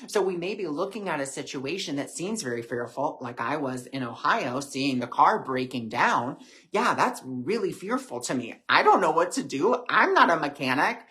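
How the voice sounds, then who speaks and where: Gentle man giving a spiritual talk. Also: fairly high pitch, sing-song, moderate pace. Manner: gentle, repetitive phrasing with many fillers. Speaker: spiritual teacher hosting a live stream. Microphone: webcam or phone on a live stream.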